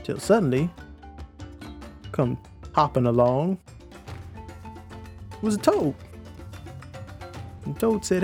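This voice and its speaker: A man tells a campfire fable during a tabletop game, his voice swinging widely up and down as he plays up the story. He sounds playful and animated. Faint music sits underneath. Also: on the high side, slow, pauses often. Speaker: player.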